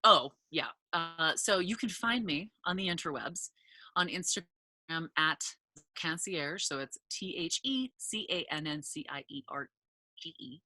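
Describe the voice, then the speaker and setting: A woman telling a funny story in a casual chat, animated and loud when she acts out quotes, swearing freely. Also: low-pitched, a little slow, dry recording. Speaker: podcast guest, cannabis entrepreneur.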